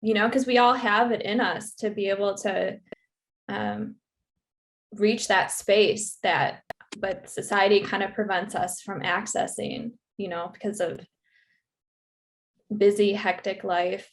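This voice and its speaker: A woman guest on a podcast talking casually, halting often with "like" and "um" as she searches for words. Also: medium pitch, fairly even intonation, a little hiss or hum. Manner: halting, full of "like" and "um". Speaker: podcast guest, retreat host. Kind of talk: casual conversation.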